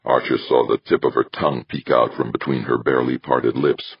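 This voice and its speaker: A man narrating an audiobook in measured, scripted delivery. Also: rumbling low, flat delivery, vocal fry, breathy edge, no echo. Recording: dull, dry lo-fi recording.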